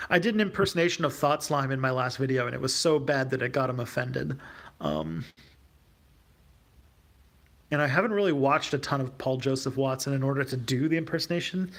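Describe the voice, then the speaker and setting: Male streamer, gravelly voice, casual unscripted Q&A, hesitant and halting. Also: mid-range voice, fairly bright tone. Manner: hesitant, many fillers and restarts. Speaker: YouTube host. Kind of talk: livestream Q&A reading viewer questions.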